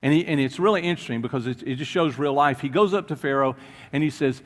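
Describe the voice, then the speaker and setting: A man preaching a sermon as pastor, telling a story in an animated way and briefly acting out the people in it. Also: medium pitch, fast talker. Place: church. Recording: long reverb of a church hall.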